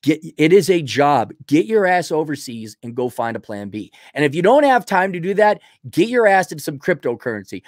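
A man's voice: high-pitched, lively intonation, a little fast, hardly any pauses, dry recording, clean studio sound. A man giving a blunt, rambling, opinionated monologue in casual chat, acting out little dialogues with himself.

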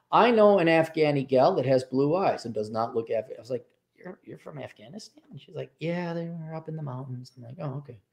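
Man, American, livestream host, offhand, wry, mid-pitched voice. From United States. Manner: offhand, wry, lively commentary. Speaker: livestream host reading paid chat messages. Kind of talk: casual livestream chat.

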